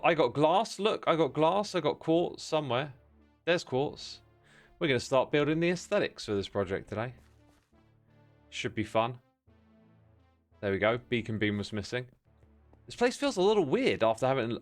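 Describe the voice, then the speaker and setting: A man with a hoarse, worn voice talks casually at his desk mic while he streams a game. He rambles in a mid-pitched voice and greets his chat by name. Faint music plays behind him. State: hoarse from festival screaming. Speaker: livestreamer.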